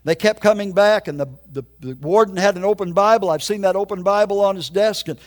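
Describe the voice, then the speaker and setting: A man's voice: sits high, brisk. An older man preaching his testimony in an emphatic, folksy storytelling way. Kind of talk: sermon testimony.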